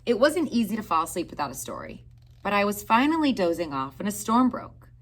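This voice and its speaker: A woman teacher reading a picture book aloud to young children in an expressive storytelling way. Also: medium pitch, fairly quick.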